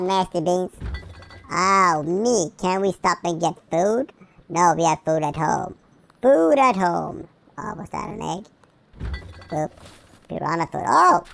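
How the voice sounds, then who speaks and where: Talking through a game playfully, this commentator throws in goofy sound effects, invented words, and sudden yelps and shrieks whenever something startles them. Their medium-pitched voice is slightly bright with vocal fry, over a little hiss or hum.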